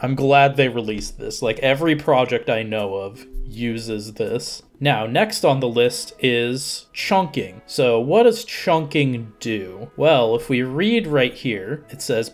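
Easygoing man explaining software, faint music. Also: mid-range voice, slow, few pauses. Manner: relaxed, conversational, explains step by step with fillers. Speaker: software tutorial host. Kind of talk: casual screen-recorded tutorial.

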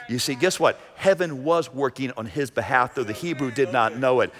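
A man preaching a sermon as pastor, dramatic, swinging between shouted lines and hushed low passages. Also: normal speed, hardly any pauses. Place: church sanctuary. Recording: echoey church hall. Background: long hall reverb.

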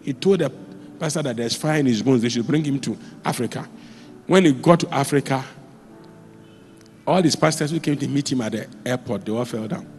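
Male pastor, animated storyteller, mid pitch, in a church hall with long reverb. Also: a little fast, faint music behind. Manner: animated storytelling, with sudden jumps in pitch and volume. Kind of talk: sermon.

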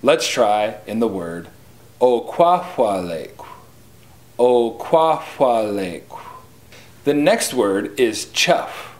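Slow, careful male language teacher. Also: lowish voice. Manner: slow, careful, repeats words for learners. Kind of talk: slow pronunciation lesson.

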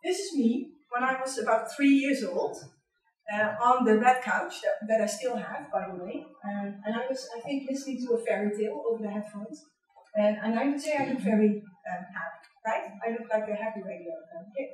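A middle-aged woman with a Dutch accent, giving a candid, personal university lecture in a large hall, often pausing on "um" and checking in with "right?". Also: fairly high pitch. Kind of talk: public lecture. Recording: echoey hall, distant mic.

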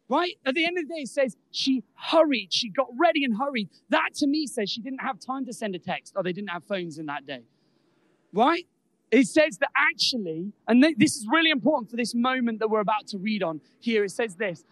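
A man preaching a sermon as pastor, animated and building to loud, emphatic exclamations. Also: very high voice, no echo.

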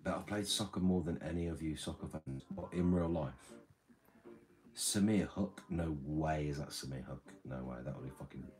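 Very deep-voiced man chatting on stream. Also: normal speed, darkish tone, soft background music. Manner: rambling, chatty, swears freely. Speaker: livestream host reading chat. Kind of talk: casual livestream chat.

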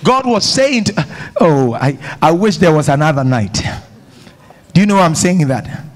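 His voice sits on the high side, animated yet unhurried, carrying an African accent. This man stirs his church hall congregation with an emphatic sermon, drawing them into call-and-response by having them repeat after him.

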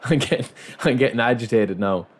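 A young man giving running commentary over his own football video game, muttering to himself and breaking into loud outbursts of frustration. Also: medium pitch, brisk, breathy edge. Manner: frustrated, muttering self-talk that bursts into loud outcries at the game. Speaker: gaming channel host.

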